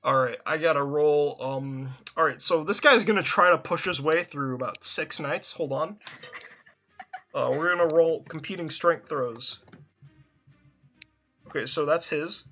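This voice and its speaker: A man's voice: fairly high pitch, measured pace, sharp tone, muffled recording, soft background music. A man narrating as game master in a tabletop game, talking casually, swearing freely and restarting often.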